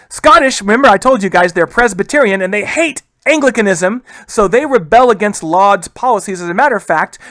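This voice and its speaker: A man's voice: high-pitched, fairly bright tone, no room sound. A man teaching a history lesson in a casual way, often calling his listeners guys and briefly acting out historical figures. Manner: acts out historical figures in quick asides. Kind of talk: recorded history lecture.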